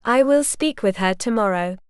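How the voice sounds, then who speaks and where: A woman's voice: medium pitch, lively intonation, moderate pace, clean tone, no echo, close to an everyday voice. A woman voicing an arrogant male warrior lord who speaks dryly and curtly. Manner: dry, curt.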